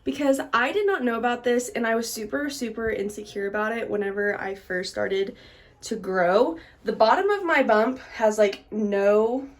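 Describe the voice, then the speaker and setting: At home in front of a tripod camera, a young woman vlogger shares a candid, chatty pregnancy update, laughing through her complaints and a little breathless. She speaks at a moderate pace in a voice on the high side.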